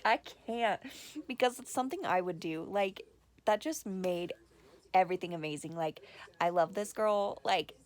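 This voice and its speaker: A woman book vlogger chatting casually, excitable and gushing, swearing freely and filling her talk with "like". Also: fairly low pitch. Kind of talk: casual vlog chat.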